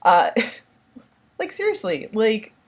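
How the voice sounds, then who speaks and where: A woman's voice: on the low side, expressive, unhurried. A woman reviewing a horror film in casual talk. She rambles and gushes, with constant fillers like "like" and "um". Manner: rambling, heavy use of "like" and "um"; enthusiastic, gushing.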